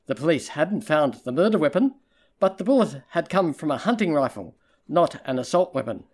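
A man narrating a crime novel audiobook in a steady, even storytelling manner. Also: a little high, a little fast. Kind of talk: scripted narration.

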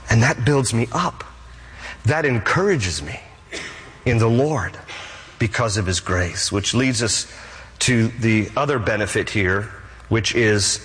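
A man's voice: lowish voice, lively intonation, slow pace, fairly bright tone, in a large hall, a little hiss or hum. A male pastor preaching a sermon who stresses and repeats his key phrases.

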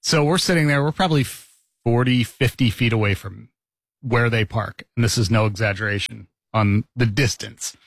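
A man's voice: mid-range voice, normal speed, creaky, no room sound. A middle-aged man hosting a morning radio show, telling stories and laughing as he talks. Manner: storytelling, laughing often.

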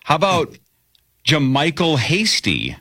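A man's voice: on the high side, huge pitch swings, slow pace, sharp tone, breathy edge, no room sound, studio quality. A man hosting a casual sports chat, joking about player names. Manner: jokey, riffs on player names. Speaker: sports podcast host.

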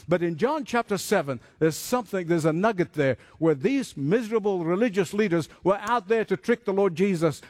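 A man preaching a sermon, telling stories with lively acted-out voices. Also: high voice, no room sound, clean studio sound. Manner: animated storytelling, acts out voices.

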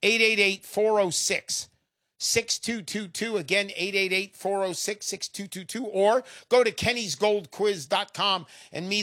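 An older man hosting a radio talk show, pitching in a brash, salesman-like way with rhyming quips. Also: pushed and bright, no echo, studio quality. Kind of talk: gold investment talk radio.

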